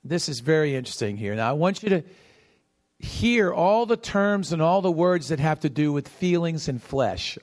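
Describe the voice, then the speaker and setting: A man preaching a sermon, teaching verse by verse and acting out the voices in the story while quizzing the congregation. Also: on the high side. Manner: animated, calls to the congregation with questions.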